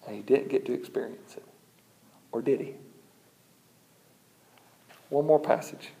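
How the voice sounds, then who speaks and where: A man preaching a sermon, telling a scripture story with humor and animated delivery and reading verses aloud. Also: medium pitch, measured pace, creaky. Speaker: pastor.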